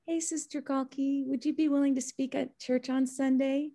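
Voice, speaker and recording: A woman's voice: high-pitched, moderate pace. A woman in a church study group telling a personal story on a video call, acting out the dialogue as she goes. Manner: animated, acts out quoted dialogue.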